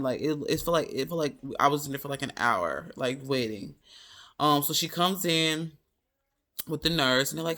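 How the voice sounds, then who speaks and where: A young woman tells a personal story to her camera in a loose, chatty way. She swings into quoted voices, and her tone is bright with a gravelly edge of fry. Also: deep voice, normal speed. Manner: animated, quotes people in raised voices, drawls "baby". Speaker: vlogger. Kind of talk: casual storytelling.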